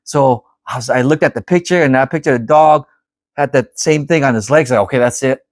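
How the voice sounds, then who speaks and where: A middle-aged man telling a story to camera in a casual, animated, rambling way, often repeating himself. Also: mid-range voice, brisk, dry recording, clean studio sound. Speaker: vlogger.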